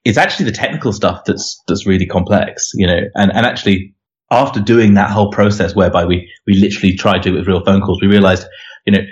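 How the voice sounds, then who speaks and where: A man's voice: low voice, fairly even intonation, fast talker, muffled recording. A man being interviewed as a game developer, talking casually and rambling with lots of "you know" and restarts.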